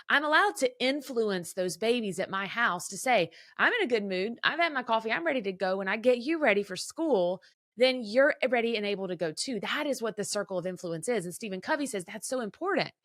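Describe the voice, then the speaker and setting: A woman in her thirties talking to listeners in a casual, chatty advice style, animated and laughing easily. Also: a little high, normal speed, dry recording, studio quality. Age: 30s. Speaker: podcast host.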